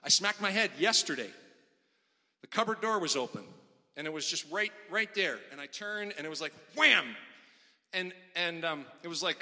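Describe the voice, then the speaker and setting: A middle-aged man preaching a sermon as a pastor, telling stories with big swings in loudness. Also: a little high. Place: large church hall. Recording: long hall reverb.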